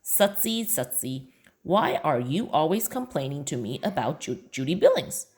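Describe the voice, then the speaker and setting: A woman voicing a calm, gently teasing mother in a children's book read aloud. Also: low-pitched, normal speed.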